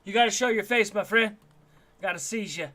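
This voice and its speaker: A man's voice: sits high, brisk, sharp tone. A man from Denver hosting a live stream, chatting casually in slang and often repeating and restarting his words over a video call. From Denver, Colorado. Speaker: livestream host.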